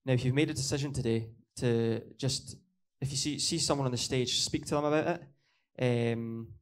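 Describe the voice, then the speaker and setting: A man's voice: medium pitch, fairly even intonation, moderate pace. A young man preaching a sermon in a church hall, earnest, hammering his points home by repeating them and correcting his own slips.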